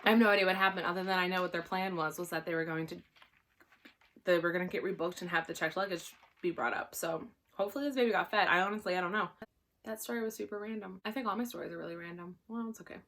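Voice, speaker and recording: A young adult woman, a flight attendant, telling a work story in a casual vlog, animated and exasperated, with sudden loud bursts of disbelief. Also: on the low side, quick pace.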